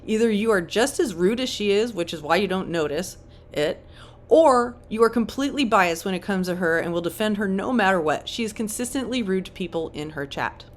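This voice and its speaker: A woman's voice: mid-range voice, animated, a little fast, lightly acted. A woman voicing a blunt, sarcastic female subscriber calling out rudeness. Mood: indignant.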